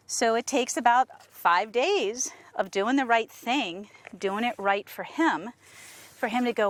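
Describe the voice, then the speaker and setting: A woman horse trainer talking casually to viewers while working a horse, coaxing it with soft praise and explaining with enthusiasm. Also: fairly high pitch, animated, unhurried. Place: outdoors with a horse.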